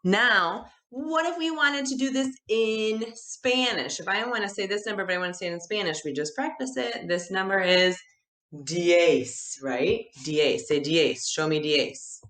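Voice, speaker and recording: A woman teaching Spanish numbers to children in an upbeat video lesson, animated and encouraging, drawing out the words as she counts. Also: medium pitch, unhurried, reverberant.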